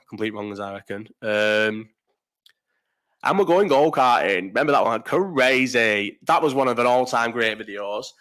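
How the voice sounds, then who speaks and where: A man's voice: mid-range voice, fairly bright tone. Blunt, sweary man. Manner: blunt, swearing, rambling with restarts. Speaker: live stream host. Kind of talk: casual live chat.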